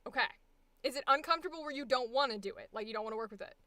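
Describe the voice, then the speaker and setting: High bright blunt American woman. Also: racing, dry recording. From United States. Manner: blunt, profane, laughs often. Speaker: voice acting coach. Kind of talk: live-streamed coaching session.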